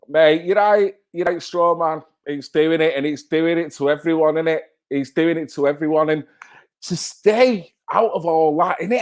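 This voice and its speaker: A man from North Manchester with a Mancunian accent, hosting a live stream and bantering with viewers in chat, swearing freely. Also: a little high. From North Manchester, England. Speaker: livestream host.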